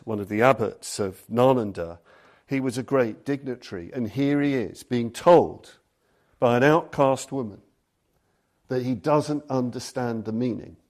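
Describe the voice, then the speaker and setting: A man's voice: medium pitch, a little mellow. A man giving a Buddhist dharma talk, telling stories and reading passages aloud. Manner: storytelling, reads passages aloud. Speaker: Buddhist teacher.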